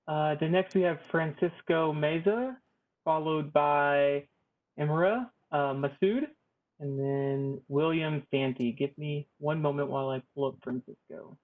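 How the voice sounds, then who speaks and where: A man with a slightly high voice runs the public comment queue in a methodical, procedural way. His audio is thin and tinny, like a phone line. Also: a little slow. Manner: methodical, repeats caller numbers and names. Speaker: meeting moderator calling on public commenters. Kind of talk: procedural meeting announcements.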